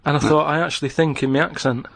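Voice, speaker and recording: A man on a comedy chat show, explaining himself in a halting, hesitant way. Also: on the high side, steady tone, vocal fry, a bit bright, dry recording. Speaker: regular on the show, diary writer.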